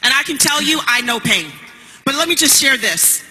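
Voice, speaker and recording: A woman giving a motivational stage speech as a network marketing speaker, emphatic and punchy, building to shouts. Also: sits high, lively intonation, moderate pace, in a large hall, poor audio.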